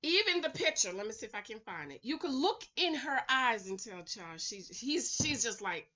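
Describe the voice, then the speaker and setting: A woman's voice: fairly high pitch, sing-song, moderate pace, bright, forceful tone, dull audio. A woman recording a casual, sassy recap vlog at home, chatting to her viewers and calling them y'all, honey and girl. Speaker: reality TV recap vlogger.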